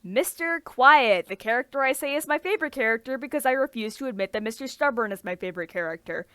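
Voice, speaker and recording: A woman's voice: on the high side, lively intonation, fast talker, a bit bright, a little hiss or hum. A woman co-hosting a casual chat, talking with eager enthusiasm and many restarts. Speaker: podcast co-host.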